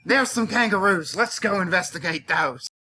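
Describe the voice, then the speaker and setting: A man's voice: high-pitched, lively intonation, normal speed, noisy background. A male teacher with a cold, hamming it up as a safari guide in a playful mock nature documentary and tossing out Aussie slang. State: has a cold.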